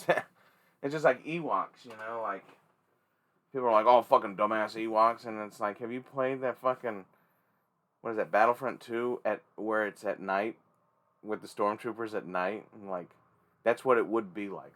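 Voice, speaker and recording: Man, toy collector vlog host, casual rambling talk, heavy swearing, excitable, mid-pitched voice.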